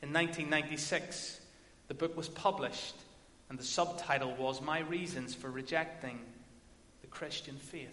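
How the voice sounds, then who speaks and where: A man preaching a sermon, telling a story and building to forceful emphasis. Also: on the high side, steady tone, normal speed. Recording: echoey hall with long reverb.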